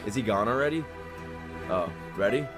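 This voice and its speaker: A man giving casual live reaction commentary while watching an anime, swearing freely and swinging between quiet muttering and loud outbursts. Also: fairly low pitch, normal speed. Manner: excitable, profane, swings from muttering to shouting. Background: faint anime soundtrack music.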